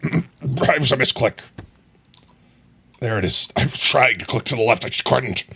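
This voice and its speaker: A man livestreaming, chatting casually with his viewers in an animated, filler-heavy way. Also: mid-range voice, normal speed, vocal fry, slightly rough.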